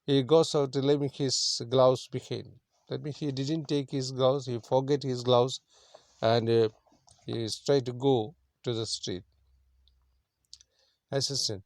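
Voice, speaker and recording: A man's voice: medium pitch, steady tone, a little slow, darkish tone, no room sound. A man teaching an English story lesson, explaining words simply and repeating himself with many fillers. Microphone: screen recording.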